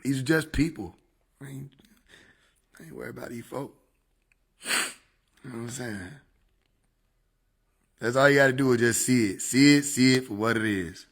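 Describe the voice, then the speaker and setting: A man's voice: medium pitch, moderate pace, gravelly, long pauses, fairly bright tone. A man chatting casually on a livestream, laid-back and slangy, laughing often. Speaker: livestream host.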